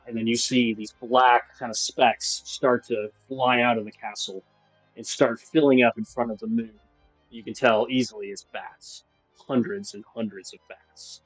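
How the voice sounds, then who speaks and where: A man running a tabletop game as game master, describing scenes at length with many pauses and restarts. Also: medium pitch, dry recording, rough recording. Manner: descriptive, with frequent fillers and restarts. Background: faint music.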